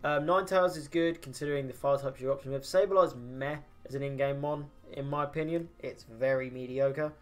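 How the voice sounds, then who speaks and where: A man's voice: mid-range voice, fairly even intonation, brisk, few pauses. A tired man with a medium voice, chatting casually on a gaming livestream, answering chat, swearing, with many ums and restarts. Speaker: streamer.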